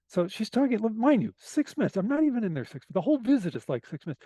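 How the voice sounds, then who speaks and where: A man whose voice sounds naturally hoarse tells a rambling, self-deprecating story with lots of asides. His pitch sits a touch high for a man. The recording is dry and close. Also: very animated, fast talker, few pauses, dark tone, dry recording. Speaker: podcast guest. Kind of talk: casual storytelling.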